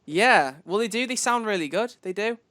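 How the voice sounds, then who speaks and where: A man's voice: high-pitched, expressive, moderate pace, pushed and bright, no echo, studio quality. A man hosting a live-stream interview, chatty and jokey, laughing often. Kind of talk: casual live-stream chat.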